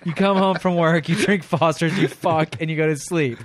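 A man co-hosting a podcast in casual comedic chat, crude and quick to laugh. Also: a little high, fairly even intonation, dry recording, clean studio sound. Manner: crude, laughing, puts on silly voices in anecdotes. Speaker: podcast co-host.

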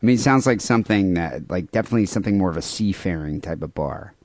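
A man co-hosting a podcast in casual chat, wry and joking with quick reactions. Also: sits low, expressive, darkish tone, dry recording. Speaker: podcast co-host.

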